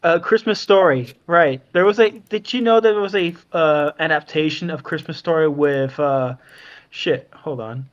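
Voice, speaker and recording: A man's voice: on the high side, unhurried. Swearing man on dull voice chat. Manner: profane, rambling. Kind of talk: casual chat over voice call.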